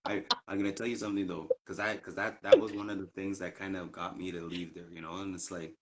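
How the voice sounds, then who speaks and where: Low-voiced Canadian man, earnest and rambling, for a conversational podcast. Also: level tone, quick pace, very noisy. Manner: earnest storyteller with many fillers and restarts, building to indignant emphasis. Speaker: guest. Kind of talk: casual chat.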